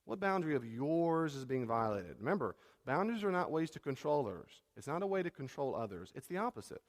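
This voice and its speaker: A man's voice: fairly high pitch, sing-song, fast, big-room sound. A middle-aged man preaching a sermon as a pastor, talking conversationally and repeating key phrases.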